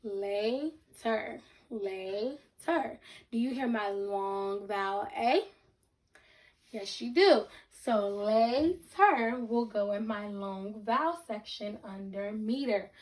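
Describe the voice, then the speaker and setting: A woman teaching a reading lesson to children, speaking slowly and deliberately, breaking words into syllables and checking in with the class. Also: medium pitch. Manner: repeats sentences and checks in with the class.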